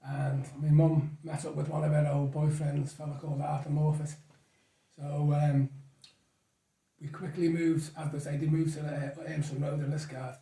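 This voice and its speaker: A man's voice: on the high side, flat delivery, normal speed, dark tone. Older guy telling old stories, rambly, sounds far off the mic. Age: 60s. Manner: rambling storyteller, chuckles often. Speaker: guest. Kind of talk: casual reminiscing chat. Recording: echoey room, off mic.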